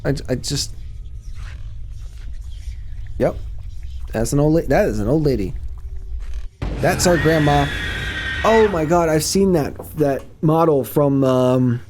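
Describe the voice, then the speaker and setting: A man casually talking through a spooky game as a gaming channel host, rambling and reacting excitedly. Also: fairly high pitch, slow, long pauses, faint music behind. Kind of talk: casual let's-play commentary.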